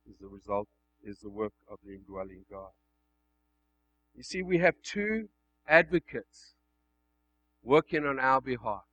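A male pastor delivering a sermon, swinging between loud emphatic passages and hushed, quiet ones. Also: a little high, highs cut off.

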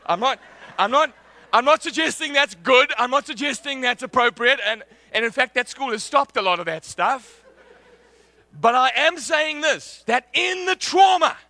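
A middle-aged man preaching a sermon, telling a lively story that he often breaks into with shouts and laughter. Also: very high-pitched, normal speed, no echo. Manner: animated, shouting and laughing through anecdotes.

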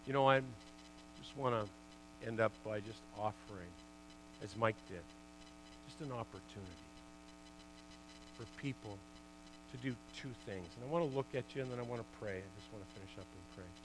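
A middle-aged man giving a sermon testimony in a church, an animated storyteller who swings from loud bursts to hushed asides. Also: lowish voice, moderate pace, pauses often, background noise. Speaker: guest preacher, former hockey player.

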